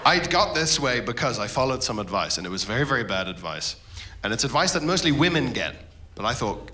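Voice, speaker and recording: A man's voice: mid-range voice, sing-song, fairly quick, sharp tone, slight background noise. A man performing stand-up, dry and self-mocking, with vivid comic images. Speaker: stand-up comedian. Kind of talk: stand-up set. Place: comedy club stage with audience. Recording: roomy live club recording with laughter.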